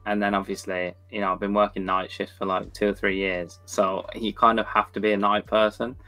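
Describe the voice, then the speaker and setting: Young male guest, low monotone, bright dry voice, faint music. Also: fairly quick, no room sound. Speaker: podcast guest. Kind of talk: casual podcast chat.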